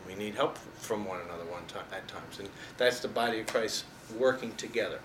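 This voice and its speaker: A man's voice: fairly low pitch, brisk. A man giving an informal Bible teaching in a conversational way, pressing hard on key words. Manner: conversational, stresses words, chuckles at own jokes. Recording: echoey room with faint noise.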